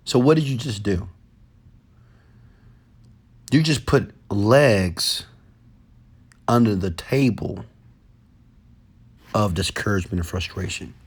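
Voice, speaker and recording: A man giving a motivational talk, preachy, repeating phrases and swinging between low murmurs and a raised voice. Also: slow, pauses often, slightly rough. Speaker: motivational speaker.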